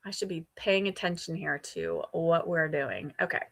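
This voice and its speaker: A woman's voice: low-pitched, moderate pace, gravelly, a little hiss or hum. A woman hosting a casual livestream readalong, chatting with viewers and sprinkling her talk with ums and little laughs. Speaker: book streamer hosting a readalong.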